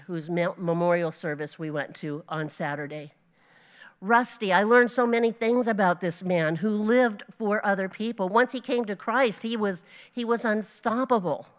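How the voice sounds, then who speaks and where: A woman teaching a Bible lesson to her group, earnest and storytelling, with small slips she corrects as she goes. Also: on the low side. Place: church gathering.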